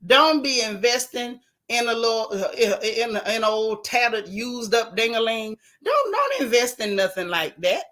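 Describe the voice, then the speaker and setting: Animated bright-voiced woman gossiping. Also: fairly high pitch, a little slow, hardly any pauses. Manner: animated, joking, folksy storytelling. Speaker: show host. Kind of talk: casual gossip chat with live viewers.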